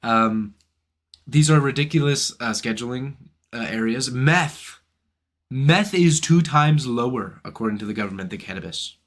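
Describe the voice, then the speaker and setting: A man's voice: mid-range voice, lively intonation, moderate pace. A young man hosting a philosophy channel, delivering an indignant, profane rant to camera full of rhetorical questions. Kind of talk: ranting monologue to camera.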